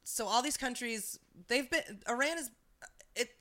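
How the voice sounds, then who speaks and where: A woman's voice: fairly high pitch, a little slow, a bit bright. A woman co-hosting a podcast, chatting casually about politics in a rambling, profane way with lots of restarts. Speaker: podcast co-host.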